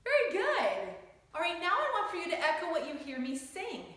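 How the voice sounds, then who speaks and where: A woman's voice: very high voice, lively intonation, fast, bright, forceful tone. A woman teaching a children's music lesson, encouraging the class as she sings and chants rhythms along with them. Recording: echoey room.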